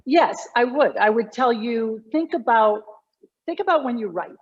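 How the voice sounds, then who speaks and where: A woman communication coach explaining speech habits in an interview, emphatic and lively. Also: fairly high pitch, normal speed, slightly rough, muffled recording. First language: English. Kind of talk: conversational interview.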